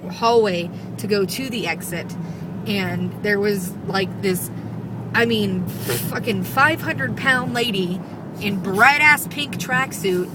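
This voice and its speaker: A woman's voice: mid-range voice, slow pace, noisy background. A young woman vlogger ranting casually, profane, sarcastic and exasperated. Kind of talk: casual rant.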